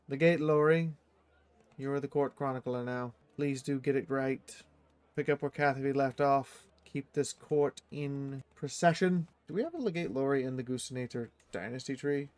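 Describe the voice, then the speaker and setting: A man streaming a strategy game, reading the event text aloud and reacting playfully, jumping into sudden high squeals. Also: normal speed, a little mellow, no room sound. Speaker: let's play streamer.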